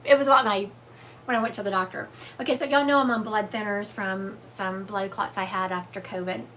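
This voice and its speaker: Speaking at a fairly quick clip, this psychic medium from the US South has a mid-range, steady, slightly bright voice. Her phone or webcam livestream carries slight background noise as she chats loosely and reads out viewer comments, filler words sprinkled throughout.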